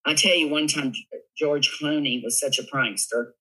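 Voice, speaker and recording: Man, Southern US accent, animated, giggly storyteller, husky voice. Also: fairly high pitch, normal speed, low-quality recording. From Tennessee, USA. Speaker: guest. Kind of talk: casual storytelling interview.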